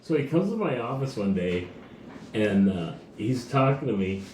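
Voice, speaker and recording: A man's voice: fairly low pitch, sing-song, moderate pace, a little mellow, a little hiss or hum. A man co-hosting a casual comedy podcast, telling a story and laughing through it as he imitates voices. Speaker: podcast co-host. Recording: echoey room with faint ambience.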